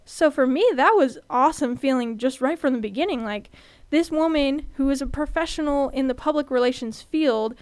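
Young woman telling stories on her podcast, kinda high, smooth voice, dry close mic. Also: no room sound. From California. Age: 20s. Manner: chatty, candid, animated when retelling. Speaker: student podcast host. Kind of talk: personal storytelling podcast.

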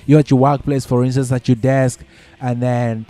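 This commentator speaks at a normal speed in a medium-pitched, dark voice with little pitch movement. He chats casually about workplace advice, going back over his points, checking on the listener, and addressing them as y'all and folks.

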